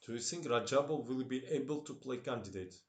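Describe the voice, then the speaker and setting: A man's voice: medium pitch, a little fast. A man with a Russian-tinged accent and broken English, commentating chess on a live stream, chatting with viewers and laughing often. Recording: roomy echo.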